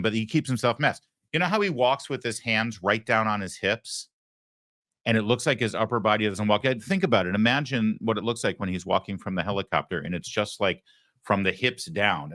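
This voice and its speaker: A man's voice: lowish voice, fairly quick, sharp tone, no room sound, studio quality. A man hosting a talk show, giving emphatic opinionated commentary and asking rhetorical questions. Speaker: host.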